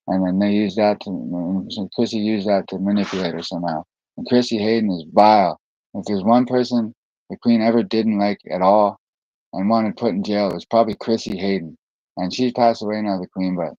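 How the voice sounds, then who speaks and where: A man speaking in a meandering, halting monologue, often restarting his sentences and drifting into asides. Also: lowish voice, mellow, no echo. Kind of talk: rambling monologue to camera. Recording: dull lo-fi recording.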